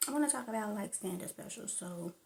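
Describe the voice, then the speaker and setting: A woman's voice: mid-range voice, lively intonation, fast talker, gravelly, noisy background. A woman in casual chat about stand-up comedy, rambling off on tangents with frequent laughter. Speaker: vlogger.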